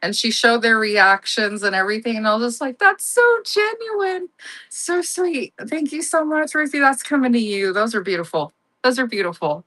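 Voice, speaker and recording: A woman's voice: medium pitch, pushed and bright. A woman hosting a live online auction, chatting and gushing over her items as she rambles between sales. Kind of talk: casual live-selling chat.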